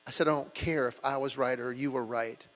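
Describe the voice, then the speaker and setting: A man's voice: mid-range voice, fairly quick. A man preaching a sermon, telling stories and acting out quotes as he goes. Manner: storytelling, with lively acted-out quotes. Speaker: pastor. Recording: hall reverb and mains hum.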